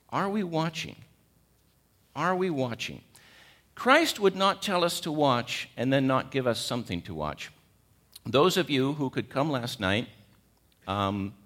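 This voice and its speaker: A man's voice: fairly high pitch, a bit bright. Emphatic man in his 60s preaching. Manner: emphatic, repeats key words, asks the congregation questions. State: has a cold. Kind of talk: sermon.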